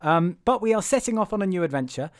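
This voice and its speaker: A man's voice: sits high, lively intonation, quick pace. A man hosting a podcast in casual chat, teasing his co-host and breaking into laughter. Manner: laughing, stammering restarts, teasing.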